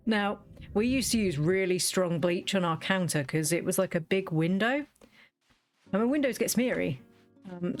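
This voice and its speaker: A woman, chatting casually while she plays a game and tells stories in a lively way. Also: lowish voice. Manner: chatty storytelling, lively quoted asides. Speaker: gaming video creator. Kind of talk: casual chat while playing.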